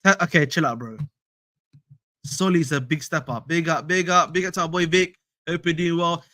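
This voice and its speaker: A man's voice: on the high side, fairly even intonation, normal speed, bright, forceful tone, no echo. Slangy young man streaming. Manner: slangy, repetitive, addresses viewers as bro. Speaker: fan channel host. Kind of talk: casual live-stream chat.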